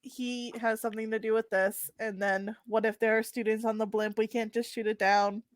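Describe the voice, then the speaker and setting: A woman's voice: a little high, level tone, dry recording. A woman playing a superhero in a tabletop game, quipping playfully and laughing. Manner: playful, quick quips, laughs. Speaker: player. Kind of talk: casual tabletop role-play.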